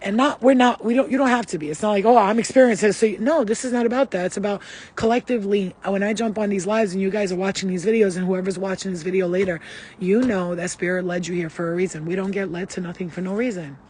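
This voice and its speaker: A woman spiritual healer in a casual live stream, talking bluntly with lots of swearing and animated, acted-out quotes. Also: medium pitch, fast, slight background noise. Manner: blunt, profane and animated, acting out quoted voices.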